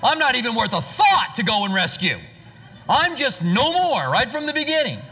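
A preacher puts on a sulky, self-pitying brother, whining high and bright with a husky edge. The voice rings in a hall with a long reverb tail. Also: male voice, big pitch swings, moderate pace, full character voice. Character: neglected grown man, sulky and self-pitying.

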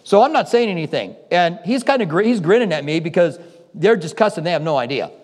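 A man's voice: sits high, expressive, fast, a little mellow. A man preaching a sermon as a pastor, telling stories in a conversational way and acting out what people said. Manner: conversational storytelling with acted-out quotes. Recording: hall reverb.

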